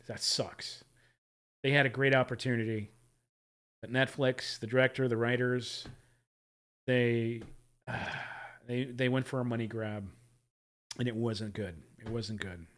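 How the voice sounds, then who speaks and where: A man's voice: mid-range voice, steady tone, a little slow, long pauses, fairly bright tone. A man hosting a livestream and chatting casually as he reacts to videos. He rambles, chuckles and trips over his words. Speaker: livestream host.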